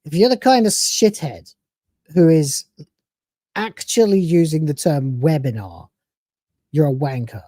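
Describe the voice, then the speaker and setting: Mellow-voiced man ranting on stream. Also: a little high, lively intonation, no room sound. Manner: profane, ranting, quick to laugh. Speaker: streamer reacting to a video. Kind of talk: live stream commentary.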